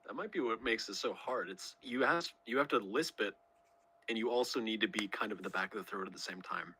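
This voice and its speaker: A man co-hosting a casual streamed chat, speaking in a relaxed, wry way and prompting with questions. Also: on the low side, brisk, breathy edge, low-quality recording. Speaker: co-host.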